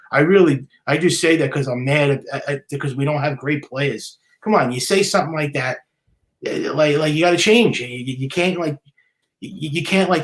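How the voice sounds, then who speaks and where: A man hosting a solo sports podcast, ranting in a heated, indignant way, repeating himself and stumbling over restarts. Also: on the high side. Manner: heated, repetitive, stammering restarts; indignant, scolding. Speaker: podcast host.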